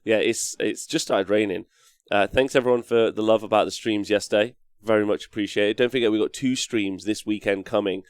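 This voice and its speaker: A man hosting a live-streamed show, talking in a rambling, energetic way with a hoarse, worn-out voice as he reads out chat messages. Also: lowish voice, brisk, dry recording, clean studio sound. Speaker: host.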